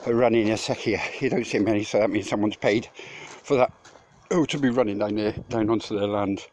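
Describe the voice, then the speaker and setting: Outdoors at a building site on a hot day, a breathless man vlogs as he walks, rambling and cursing while ranting about a rival. His voice is lowish, darkish and fairly quick, and the poor audio carries clear background noise and clicks.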